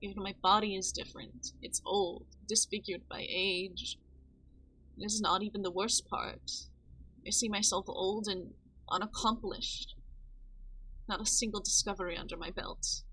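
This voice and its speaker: A haughty young female botanist, played by a woman reading a game aloud, pompous and scornful, her put-on accent wandering as she goes. She talks at a mid pitch with a little faint hiss behind her. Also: fairly even intonation, a little slow, sharp tone, poor audio. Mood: anxious.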